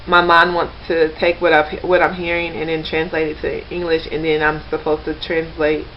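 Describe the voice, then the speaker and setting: Speaking in a lowish voice to her webcam, a language-learning vlogger chats in a loose, rambling way, full of fillers and restarts. The recording is slightly dull and lo-fi, with slight background noise.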